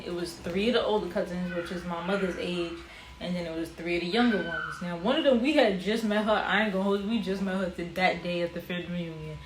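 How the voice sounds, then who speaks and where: A young woman telling a personal story in a casual vlog, animated, with casual slang. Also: fairly low pitch, fast. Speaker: vlogger. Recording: roomy echo with faint ambient noise.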